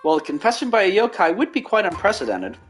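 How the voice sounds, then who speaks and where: A stern, easily swayed judge calls the court to order in a formal, pompous tone. The voice sits a little high, as a man reads him. Faint music plays underneath. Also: big pitch swings, fast talker.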